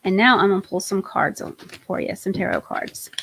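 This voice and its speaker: A woman's voice: mid-range voice, a little fast, creaky, noisy background. A woman hosting a live-stream tarot reading, chatty and enthusiastic, often trailing off and restarting her sentences. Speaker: host, tarot reader.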